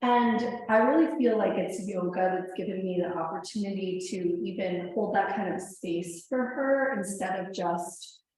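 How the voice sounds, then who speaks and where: Slightly hoarse woman in a very echoey studio. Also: mid-range voice, moderate pace, few pauses, darkish tone. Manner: chatty, storytelling, many "like" asides. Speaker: yoga teacher. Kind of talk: casual class talk. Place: yoga studio. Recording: very echoey room with faint ambience.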